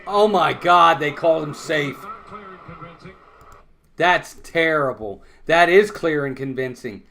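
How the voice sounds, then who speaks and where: A man's voice: fairly high pitch, slow, gravelly, a bit bright. A man hosting a fan watch-along stream, calling baseball play-by-play and insisting on his points over and over.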